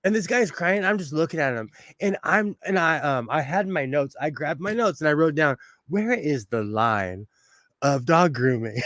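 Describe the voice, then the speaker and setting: A man from Los Angeles hosting a sewing livestream, chatting casually with frequent laughter and animated storytelling. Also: on the high side, no echo. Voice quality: bald. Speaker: livestream host. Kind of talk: casual chat while sewing.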